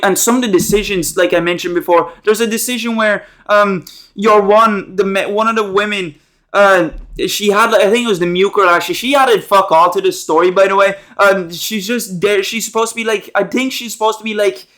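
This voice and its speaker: A man's voice: high voice, a bit bright. A young man ranting about movies in a casual, sarcastic, rambling way, full of slang, fillers and restarts. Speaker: movie reviewer.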